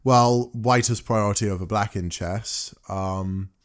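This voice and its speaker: A man's voice: on the low side, steady tone, a little slow, clear, resonant tone. A man with an English accent, co-hosting a podcast in casual chat, musing and teasing. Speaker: podcast co-host.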